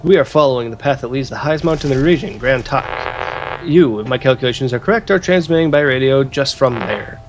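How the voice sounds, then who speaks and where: A man's voice: mid-range voice, expressive, fast, background noise, close to an everyday voice. A man reading the lines of a stern, bossy military commander in a clipped, commanding way.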